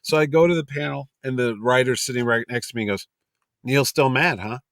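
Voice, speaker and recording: A man's voice: medium pitch, fast, vocal fry, dry recording, studio quality. A middle-aged man, a convention promoter, telling anecdotes on a podcast and acting out the people in them. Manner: animated storyteller, acts out quotes.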